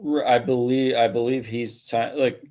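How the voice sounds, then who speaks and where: A man's voice: medium pitch, little pitch movement, normal speed, a little mellow. A man hosting a casual sports podcast, rambling and hedging with plenty of "you know" fillers. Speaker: podcast host.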